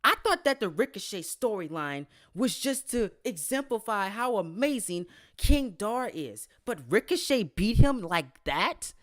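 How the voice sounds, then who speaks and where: A man's voice: high voice, very animated, unhurried, few pauses, a bit bright, no room sound, clean studio sound, exaggerated voice. A man voicing an indignant, theatrical male wrestling fan who stammers through mock outrage, read out on a podcast. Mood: ranting. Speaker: podcast host reading a listener email. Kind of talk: exaggerated dramatic reading.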